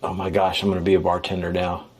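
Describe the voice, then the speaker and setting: A man's voice: low-pitched, monotone, fast, breathy edge. A man at home talking casually and playfully on video, chatty with a mock-serious edge. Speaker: comedian.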